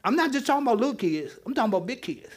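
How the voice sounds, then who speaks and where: Rapid-fire and slightly rough, a high-pitched pastor preaches an interactive sermon in church. He talks in a relaxed, conversational style, poking fun at the congregation between points, and his delivery stays casual as he makes his argument.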